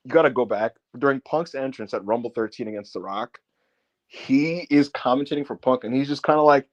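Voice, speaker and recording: A man co-hosting a casual podcast, telling animated stories and laughing often. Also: medium pitch, brisk, dull audio. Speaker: podcast co-host.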